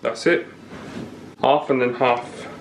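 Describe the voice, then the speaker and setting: A man's voice: medium pitch, level tone, takes it slowly, vocal fry, very noisy. A young man from the UK with a slight lisp, casually explaining recipes as he cooks in a home kitchen. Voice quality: slight lisp from teeth whitening strips. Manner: chatty, explains as he goes. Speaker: cooking vlogger. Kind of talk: casual cooking tutorial.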